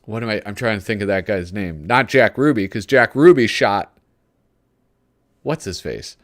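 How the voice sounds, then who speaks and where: A man's voice: lowish voice, moderate pace, a bit bright. A male host giving casual live commentary while flipping through a magazine. He rambles, gropes for names and chuckles often.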